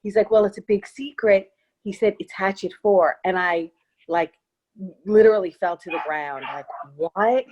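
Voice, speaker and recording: A woman's voice: mid-range voice, steady tone, moderate pace, a little mellow, rough recording. A woman being interviewed as an actress guest, chatting casually in a bubbly, gushing way.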